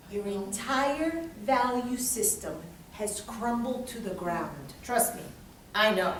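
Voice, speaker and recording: A woman teaching a class, lecturing in a dramatic and animated way and swearing freely. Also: fairly high pitch, slow pace, a little hiss or hum. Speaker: instructor leading a class. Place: large echoey classroom. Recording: echoey classroom, distant mic.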